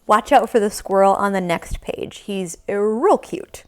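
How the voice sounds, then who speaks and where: Slow, sing-song woman teaching kids' yoga. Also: medium pitch, clear, resonant tone. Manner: slow, sing-song and encouraging, talking to young children. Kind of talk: leading a kids' yoga class.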